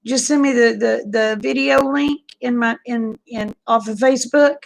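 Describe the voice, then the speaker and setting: A woman, chatting casually with viewers on a livestream, folksy and quick to laugh. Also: on the high side, fairly even intonation, creaky, rough recording. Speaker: livestream host.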